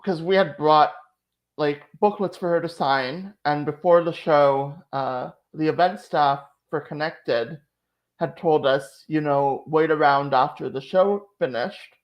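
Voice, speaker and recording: Speaking slowly in a low voice, a channel host chats casually and emotionally in a recap, leaning heavily on "like" as a filler. The highs in the recording are cut off.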